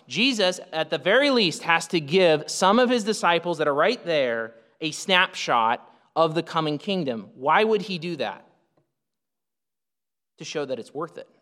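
A man preaching an expository sermon, emphatic, swinging up and down in pitch to stress his points. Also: lively intonation, unhurried, fairly bright tone. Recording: reverberant hall.

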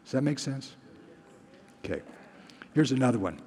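A man's voice: medium pitch, animated, moderate pace, dark tone, long reverb tail, a little hiss or hum. A man preaching a sermon in a conversational way, often putting questions to the congregation. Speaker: pastor.

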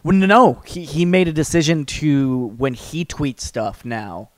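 A man's voice: on the high side, lively intonation, unhurried, no room sound. A man hosting a casual podcast, laid-back and agreeable, often restarting his sentences. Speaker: podcast host.

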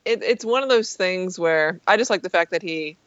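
A man chatting casually about a film, chiming in with quick agreements. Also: sits high, fairly bright tone, dull audio, a little hiss or hum. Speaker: podcast co-host. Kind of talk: casual movie recap chat.

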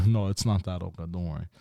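A man's voice: sits low, brisk, vocal fry, warm tone, no room sound. A man hosting a podcast, laid-back and profane, chatting casually and laughing often. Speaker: podcast host. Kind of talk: casual chat.

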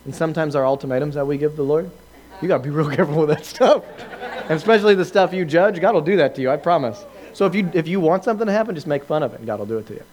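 A man preaching a lively testimony, telling his story with laughs and acted-out quotes to a live audience. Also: a little high, very fast, a faint crowd. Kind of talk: sermon testimony.

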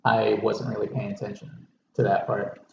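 A man's voice: lowish voice, flat delivery, moderate pace, gravelly, darkish tone. A man co-hosting a casual movie podcast, laid-back and dry, recapping plots with many fillers. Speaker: podcast co-host. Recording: echoey distant lo-fi room mic with faint hiss.

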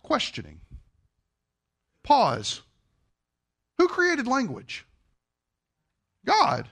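A man's voice: high voice, sharp tone. A man preaching a sermon. He keeps asking the congregation rhetorical questions and acts out quoted voices. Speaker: pastor.

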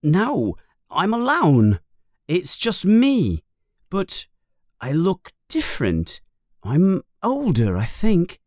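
A man doing an excitable schoolboy. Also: high voice, takes it slowly, dry recording, clean studio sound, voice pushed up, exaggerated voice. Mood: excited. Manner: excitable, a bit whiny. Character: boastful young schoolboy, Harry's friend. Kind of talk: storybook reading.

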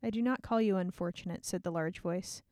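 A woman's voice: on the low side, brisk, a little mellow, no room sound, clean studio sound. A woman chatting casually about a book with a friend, laughing often and reading passages aloud.

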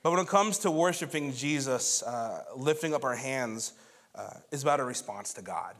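A man's voice: mid-range voice, lively intonation, normal speed, a bit bright. A man preaching a sermon as pastor, earnest and building to fervent emphasis.

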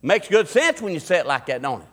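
A man's voice: on the high side, big pitch swings, fast, husky, in a large hall. A man preaching a sermon, building emphasis with repeated rhetorical questions. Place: church sanctuary.

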